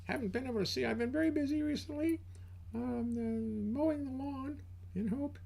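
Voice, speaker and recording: A man's voice: very high-pitched, normal speed, creaky, a little mellow. An older man hosting a casual livestream from his home studio, chatting in a wry, self-mocking way through a desk mic. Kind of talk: casual rambling livestream chat.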